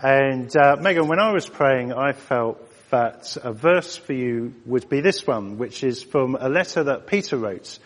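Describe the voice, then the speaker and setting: A man ministering in a church service, relaxed and a little hesitant. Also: mid-range voice, measured pace, hardly any pauses, big-room sound. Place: church hall.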